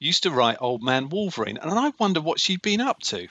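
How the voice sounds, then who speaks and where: A man's voice: on the high side, sing-song, brisk, sharp tone. A man co-hosting a podcast, chatting enthusiastically and often repeating himself. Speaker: podcast co-host. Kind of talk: casual chat.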